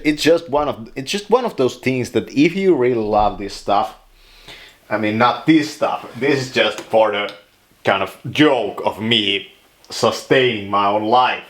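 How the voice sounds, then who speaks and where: A man's voice: lowish voice, reverberant. A man from Finland, rambling jokingly through a casual monologue in his home kitchen. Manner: joking, rambling, laughs often. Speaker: vlogger.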